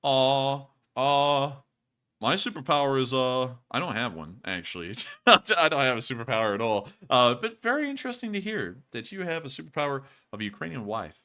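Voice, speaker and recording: A man hosting a livestream Q&A, casual and quick to laugh, repeating the same sign-off phrases. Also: mid-range voice, big pitch swings, pushed and bright. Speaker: host.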